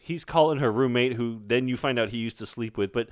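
A man's voice: medium pitch, a little fast, dry recording, studio quality. A man in casual movie-review chat, airing exasperated complaints.

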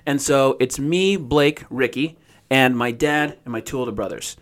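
A man's voice: mid-range voice, normal speed. A man in his thirties telling a rambling story in casual chat, laughing often and swearing freely.

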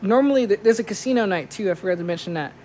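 A man's voice: sits high, lively intonation, racing, a little mellow, a little hiss or hum. A man who works as a DJ tells a story in slangy, casual talk, saying "like" a lot.

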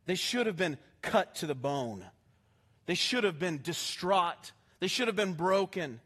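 A male pastor preaching a sermon with passion, swinging from hushed, slow lines to emphatic ones. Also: high voice, lively intonation, husky.

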